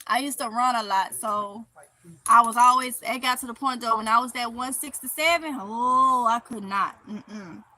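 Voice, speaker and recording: A woman with a Mississippi Southern accent chatting casually on a live stream, reading viewer comments aloud, animated and laughing often. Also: on the high side, normal speed. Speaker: vlogger reading live chat.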